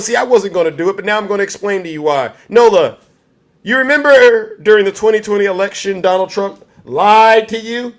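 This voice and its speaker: A man with a fairly high voice runs a livestream and rants about politics. He speaks straight to the viewers in his chat, angry and insistent throughout. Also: a little fast. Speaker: livestream host. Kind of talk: heated political commentary.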